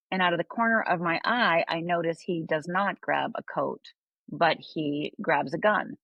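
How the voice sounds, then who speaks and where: An older woman from Upper Michigan speaks as a podcast guest in a low, husky voice. She tells her story candidly and keeps checking in with quick tag questions. The sound is dry and close. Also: dry recording, lo-fi sound. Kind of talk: personal storytelling.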